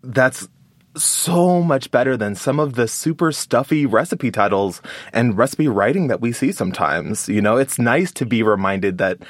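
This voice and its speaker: A man's voice: mid-range voice, lively intonation, normal speed, no room sound. A male podcast host asks questions and teases his guest in a playful, encouraging way. His voice rises and falls a lot as he talks. The sound is close and dry, with no room around it. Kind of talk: casual podcast interview.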